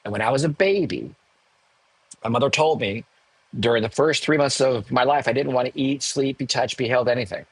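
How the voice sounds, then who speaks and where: A man in his sixties, a podcast guest, telling a personal story candidly, emotional and animated with self-mocking asides. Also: mid-range voice, a little fast, husky, no room sound, low-quality recording. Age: 60s. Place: home in the hills above a large city.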